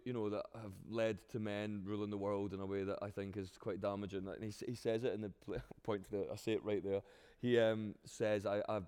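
Glaswegian man, animated actor. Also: on the low side, clear, resonant tone, long reverb tail. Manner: animated, stumbling restarts. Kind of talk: interview answers.

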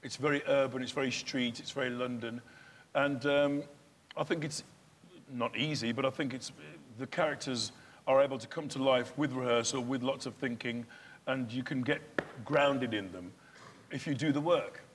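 A man with a Nigerian accent talks through an interview in a slightly husky voice, circling back on himself and restarting his sentences. He is a stage actor, loose and self-deprecating rather than polished. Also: mid-range voice, moderate pace. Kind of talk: casual interview chat.

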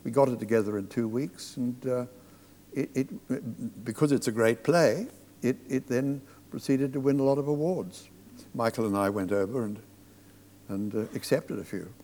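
An older man with a mid-pitched voice recalls his theatre work in an anecdotal, dryly humorous way. His voice carries a long reverb, like a hall talk in front of an audience. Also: moderate pace, mellow, a little hiss or hum. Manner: anecdotal, dry humour. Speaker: theatre director.

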